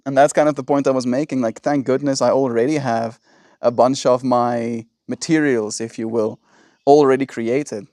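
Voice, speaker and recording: A man's voice: medium pitch, a little mellow, no echo, studio quality. A man hosting a casual livestream, ranting in an exasperated, rambling way into a phone. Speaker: livestream host. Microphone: phone in vertical livestream.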